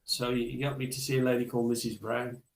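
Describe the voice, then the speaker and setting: A man telling stories from his childhood as a podcast guest, reflective and halting, with many restarts. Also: medium pitch, completely flat delivery, creaky, echoey room, slight background noise, low-quality recording. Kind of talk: storytelling in a podcast interview.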